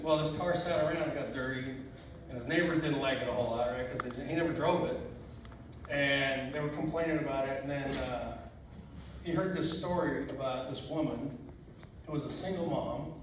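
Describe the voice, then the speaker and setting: A man telling laughing, animated stories about a friend at a memorial reception in a church hall. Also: mid-range voice. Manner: animated storyteller, laughing often, acting out quotes. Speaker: funeral reception speaker. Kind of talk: storytelling at a memorial gathering. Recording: very echoey, distant, noisy room.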